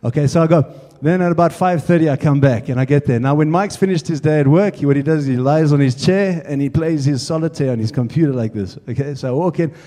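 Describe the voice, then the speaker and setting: A man's voice: on the high side, fast talker, dark tone. A man telling a casual, chatty story as part of a sermon. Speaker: preacher. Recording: echoey hall.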